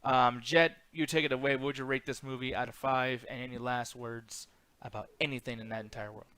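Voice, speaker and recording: A man's voice: medium pitch, brisk, smooth, no room sound. A young man co-hosting a casual movie review chat, rambling and swearing as he rants about a film. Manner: profane, rambling, animated ranting. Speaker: podcast co-host reviewing movies.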